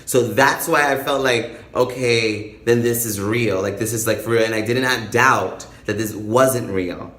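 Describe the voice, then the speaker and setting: A man's voice: mid-range voice, a little slow, hardly any pauses, a bit bright, echoey room. A man vlogging casually, telling his story with swearing and acting out the voices in it.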